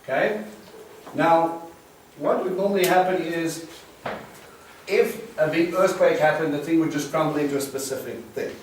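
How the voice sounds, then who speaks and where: A man's voice: a little high, moderate pace, long pauses. A man teaching a Bible study to a small group, explaining Hebrew words and quizzing the class. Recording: roomy, distant mic with faint hiss.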